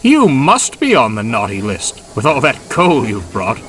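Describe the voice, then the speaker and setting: A man's voice: medium pitch, huge pitch swings, measured pace, fairly bright tone, far from the mic, slight background noise, pitched above the performer's own voice. A man voicing a grand, boastful old male express engine with a pompous, blustering manner. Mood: teasing.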